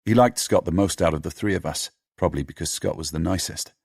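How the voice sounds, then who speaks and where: A man narrating an audiobook in a steady, measured storytelling manner. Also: low-pitched, creaky, breathy edge, no room sound, clean studio sound.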